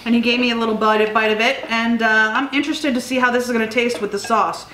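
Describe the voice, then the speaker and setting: A woman's voice: on the high side, fairly even intonation, quick pace, bright, forceful tone. A woman co-hosting a casual mukbang vlog, chatty and talkative. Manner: chatty, reads out a list at length. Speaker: co-host. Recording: echoey room, some background noise.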